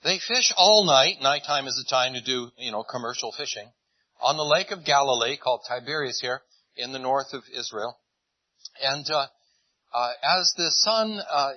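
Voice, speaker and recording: A man preaching a relaxed storytelling sermon, chatty and unhurried. His voice carries a slight husk. The recording is close and dry, with a dull, lo-fi tone. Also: fairly high pitch, no echo. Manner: conversational storytelling, retelling scenes in lively voices. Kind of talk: sermon, retelling a Bible story.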